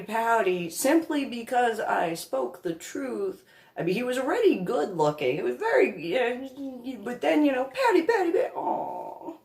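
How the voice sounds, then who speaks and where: Giggly sarcastic woman in echoey room. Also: on the high side. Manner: sarcastic, giggly, mock-patient. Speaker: comedic storyteller. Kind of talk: comedic anecdote monologue.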